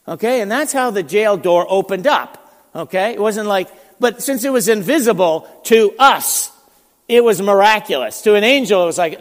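A man preaching a sermon, telling stories in an animated, conversational way with frequent restarts. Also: sits high, moderate pace, in a large hall. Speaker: pastor. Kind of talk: sermon storytelling.

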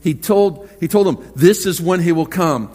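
A man's voice: fairly high pitch, normal speed, darkish tone. A man preaching a sermon as pastor, earnest and conversational, often repeating words as he starts a thought. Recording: long hall reverb.

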